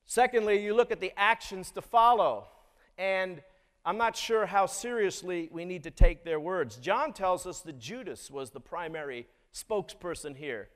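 A man preaching a sermon in a measured way, often putting questions to the congregation. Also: sits high, expressive, a bit bright, in a large hall. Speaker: pastor.

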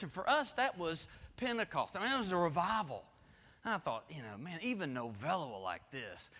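A male pastor preaching a sermon, telling stories with animated emphasis and laughter. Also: high voice, in a large hall.

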